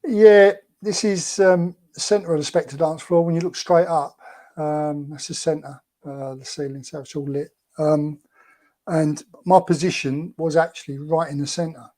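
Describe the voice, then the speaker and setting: Chatty man with a mellow voice. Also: a little high, fairly even intonation, a little slow. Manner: chatty and rambling, with many fillers. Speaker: guest, former film extra. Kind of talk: casual anecdote telling.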